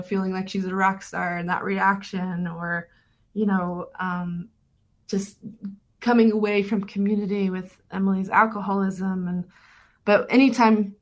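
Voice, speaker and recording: A woman documentary filmmaker being interviewed on radio, talking thoughtfully with many fillers and restarts. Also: medium pitch.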